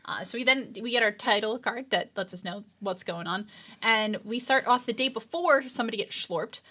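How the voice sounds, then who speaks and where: Bright-voiced woman recapping casually. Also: on the high side, normal speed. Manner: rambling, filler-heavy recap. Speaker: co-host of a reaction show. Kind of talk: casual chat.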